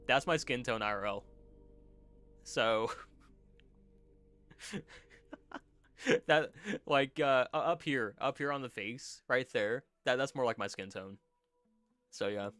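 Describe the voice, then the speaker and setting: Young male streamer, bright forceful voice, slightly congested, rambling with laughs; faint music underneath. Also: mid-range voice. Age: young adult. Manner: rambling, laughing, many restarts. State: slightly stuffy nose. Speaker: vtuber streamer. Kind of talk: casual chat with stream chat.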